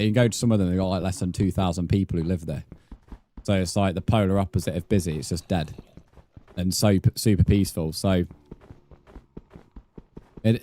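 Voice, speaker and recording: A man's voice: on the low side, a little mellow. A British man chatting casually while livestreaming a game, swearing freely and muttering counts under his breath. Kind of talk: casual gaming livestream chat.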